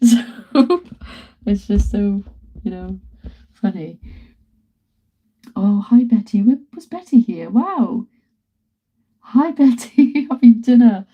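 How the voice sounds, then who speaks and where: A woman's voice: medium pitch, animated, slow pace, pauses often, slightly rough, lo-fi sound. A woman in her thirties, an artist chatting casually on a live stream, laughing often and greeting viewers as she works in her studio. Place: home art studio.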